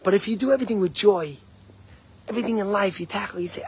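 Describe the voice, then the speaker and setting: A man's voice: sits high, fast, a little mellow, husky. A rabbi giving an emphatic sermon, mixing Hebrew and Yiddish terms into his English. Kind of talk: sermon on the weekly Torah portion.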